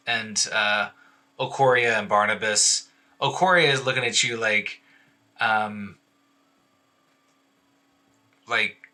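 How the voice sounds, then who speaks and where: Man game master, sharp bright voice, rambling, casual narration. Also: on the low side, slow pace, long pauses. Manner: loose, filler-heavy narration. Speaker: dungeon master.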